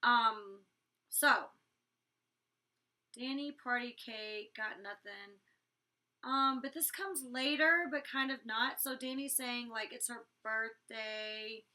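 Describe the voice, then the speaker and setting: A woman's voice: fairly high pitch, sharp tone, recorded from a distance. A young woman recapping a reality show episode in casual, blunt chat, packed with "like" fillers and swearing freely. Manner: chatty, fast storytelling full of "like" fillers. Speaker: reality show cast member reviewing an episode.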